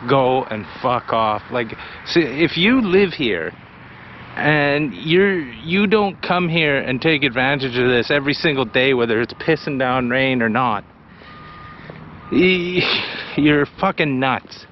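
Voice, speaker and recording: A man's voice: mid-range voice, slow pace. Guy from bc vlogging on a walk, swears a ton, kinda dull camera audio with a bit of outdoor noise. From British Columbia, Canada. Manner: profane, blunt and excitable. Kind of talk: casual walking vlog. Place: outdoors by a city beach.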